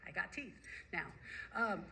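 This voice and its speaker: Bright-voiced woman telling her recovery story. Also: on the low side, a little slow, gravelly, poor audio. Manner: animated, emphatic storytelling with repetition. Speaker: recovery meeting speaker. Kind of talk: personal recovery story told to a group.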